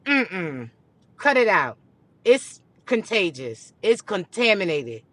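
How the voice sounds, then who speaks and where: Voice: mid-range voice, big pitch swings, takes it slowly, sharp tone. A host of a spiritual reading channel delivering a profane, comedic rant to viewers, blunt and scolding, with teasing, mock-dramatic asides. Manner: blunt, scolding, heavy cursing.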